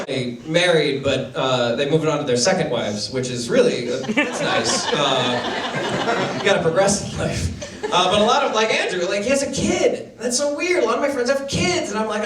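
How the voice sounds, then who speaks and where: A young man performing a stand-up comedy set in a dry, halting way, often pausing on fillers. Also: sits high, lively intonation, very noisy. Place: small live venue with an audience. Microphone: distant camera mic. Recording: echoey room from far off. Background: audience laughter.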